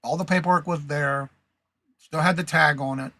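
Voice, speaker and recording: A man's voice: on the high side, steady tone, normal speed, pushed and bright, no echo. A man hosting a casual live reseller show, chatting, reading viewer comments aloud and greeting viewers by name. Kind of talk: casual live-stream chat.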